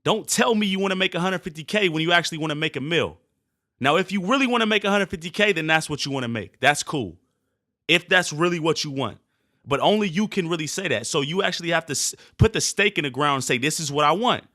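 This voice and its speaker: Forceful, intense motivational man. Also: a little high, lively intonation, fast talker, no echo, studio quality. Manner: intense, forceful and preachy, sounds almost angry. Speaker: podcast host and sports motivation coach. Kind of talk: motivational speech.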